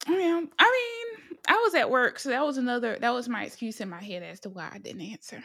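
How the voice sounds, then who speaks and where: A woman's voice: on the high side, animated, a little fast, a bit bright. A woman in a casual chat with friends, guarded and defensive.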